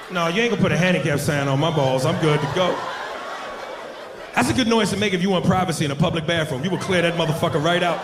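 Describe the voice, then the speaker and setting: A man performing a live stand-up comedy routine, loud and animated, shouting his punchlines and slipping into silly voices. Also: a little high, fast, a crowd in the background. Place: comedy club stage. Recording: roomy live venue with audience noise. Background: audience laughter.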